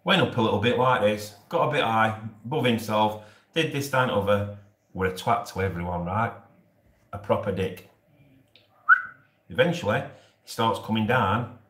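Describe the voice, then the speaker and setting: This man from Yorkshire, England, in his forties, has a fairly low, slightly bright voice, normal speed, and long pauses. He's hosting a casual live stream, rambling jokily to viewers and often laughing, recorded with a roomy echo.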